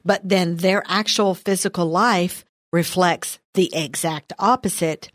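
A woman's voice: mid-range voice, measured pace, no room sound, clean studio sound. A woman co-hosting a faith podcast, wry and emphatic. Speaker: podcast co-host. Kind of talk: casual Bible discussion.

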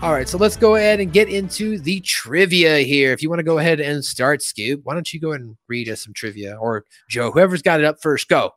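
A man hosting a podcast in casual chat, recapping an episode in an animated way. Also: fairly quick, few pauses, soft background music. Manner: animated episode recapping with lively pitch swings. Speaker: podcast host.

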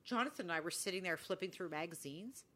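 A woman's voice: fairly low pitch, animated, quick pace, bright, forceful tone. A woman co-hosting a podcast, chatting casually and acting out quoted dialogue as she tells a story. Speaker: podcast co-host. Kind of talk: casual chat.

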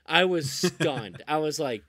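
A man's voice: on the high side, lively intonation, takes it slowly, a bit bright, no echo, clean studio sound. A man hosting a casual podcast, talking enthusiastically about movies with many restarts. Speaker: podcast host.

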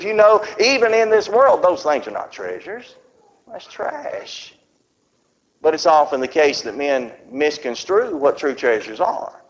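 A man preaching a sermon, slowing down and stressing words as he reads scripture aloud. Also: high-pitched. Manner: drawn-out emphatic scripture reading. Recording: dull lo-fi recording.

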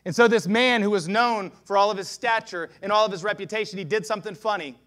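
A pastor preaching a sermon with passion, swinging between hushed lines and loud shouts. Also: male voice, high-pitched, fast.

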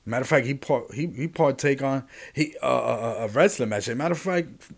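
Rambling, animated male podcast host. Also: mid-range voice, brisk, vocal fry. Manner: rambling and animated, with frequent restarts and asides to listeners. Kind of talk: casual monologue podcast.

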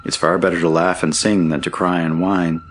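A man's voice: low-pitched, flat delivery, moderate pace, a little hiss or hum, natural voice. A man voicing a merry young Scottish miner. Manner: merry, hearty. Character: cheerful young male Scottish miner turned farmhand. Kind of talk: audiobook character voice.

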